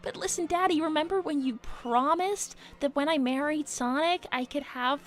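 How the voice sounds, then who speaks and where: A woman's voice: high-pitched, moderate pace, natural voice. A woman voicing a young princess who pleads with her rambling father in a live improvised character roleplay. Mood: pleading. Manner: pleading, exasperated. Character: young princess squirrel, exasperated daughter. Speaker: livestream character performer.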